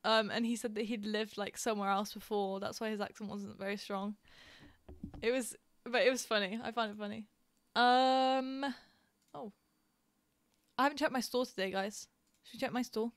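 A young woman from England chats casually while streaming a game, giggling often and filling her stories with "like" and "um." Her voice sits a touch high, and the recording is dry and close with no room sound. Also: steady tone, moderate pace, no echo. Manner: chatty, giggly, storytelling with many fillers. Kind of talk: casual chat while gaming.

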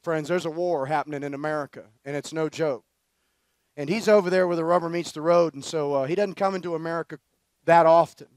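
A man with a high-pitched voice preaches at a conference, telling a story in a loose, slangy and energetic way. His voice is recorded dry and close, with no echo around it. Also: brisk, smooth. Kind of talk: storytelling sermon.

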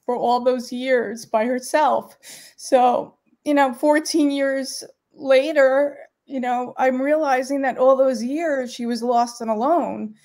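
A middle-aged woman, a parent guest, telling a personal story in a heartfelt, halting way during a live interview. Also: high voice, steady tone, darkish tone.

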